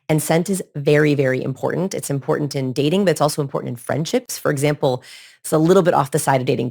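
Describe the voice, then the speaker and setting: A woman speaking as a body language expert guest in a podcast interview, animated and demonstrating vocal tones. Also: low voice, gravelly.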